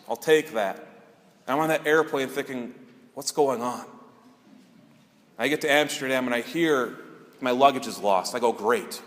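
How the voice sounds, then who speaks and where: A man's voice: mid-range voice, a bit bright, long reverb tail. A man, a priest, giving a sermon and telling a personal story in an earnest, conversational way.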